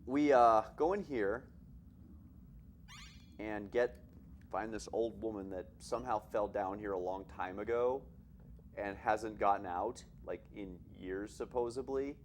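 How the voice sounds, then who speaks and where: A man's voice: lowish voice, a little slow, a little hiss or hum. A man casually commentating while he plays a game, chatty and self-mocking, laughing often. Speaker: game runner at a charity marathon.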